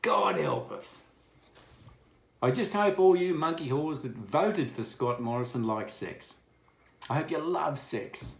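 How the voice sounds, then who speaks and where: A man's voice: a little high, sing-song, a little slow, echoey room. An Australian man delivering a scathing, crude and sarcastic political rant. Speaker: political commentator. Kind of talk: ranting political monologue.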